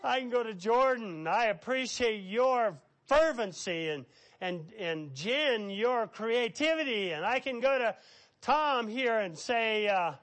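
A man's voice: extremely high pitch, lively intonation, a little slow, fairly bright tone. A man preaching a sermon in a conversational way, repeating phrases for emphasis and acting out quoted dialogue. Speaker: pastor.

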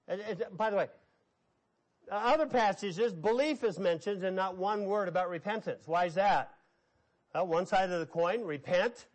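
Guy preaching a sermon, kinda high voice, emphatic, repeats his points a lot. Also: poor audio. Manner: emphatic, repeating key phrases with rising and falling intensity.

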